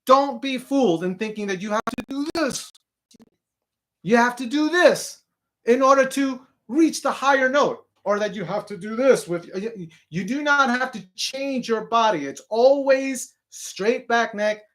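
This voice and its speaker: A man's voice: extremely high pitch, a little slow, fairly bright tone. A man gives an online singing lesson in an encouraging teaching voice. He explains posture and technique step by step and often stops to check in with the learner. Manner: encouraging, repeats "okay?" to check in.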